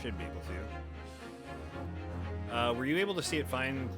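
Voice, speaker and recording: A man's voice: medium pitch, big pitch swings, moderate pace, loud music behind the voice. Jokey man hosting a livestream. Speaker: livestream host. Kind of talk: casual stream chat.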